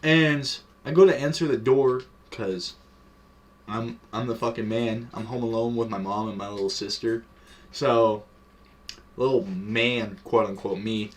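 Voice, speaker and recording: A man's voice: mid-range voice, steady tone, unhurried, far from the mic. A young man telling a story from his own life in a casual vlog, swearing a lot, rambling with many fillers and chuckling as he goes. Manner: profane and rambling, heavy on fillers. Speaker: vlogger.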